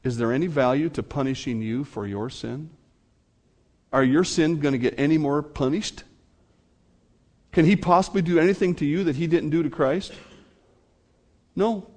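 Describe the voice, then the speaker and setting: A man preaching a sermon to his congregation, speaking earnestly and addressing them directly. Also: fairly high pitch. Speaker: pastor.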